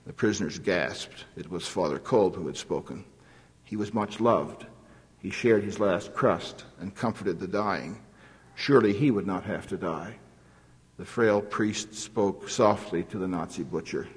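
A man giving a formal sermon, telling a story in a measured, solemn way with scriptural phrasing. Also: fairly low pitch, husky, in a large hall. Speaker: preacher.

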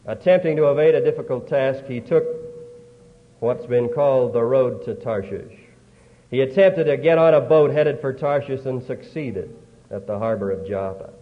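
Give me a man preaching in a slow, earnest storytelling sermon, heard as a tinny old recording. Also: on the high side, in a large hall. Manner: slow, earnest retelling of scripture with dramatic pauses.

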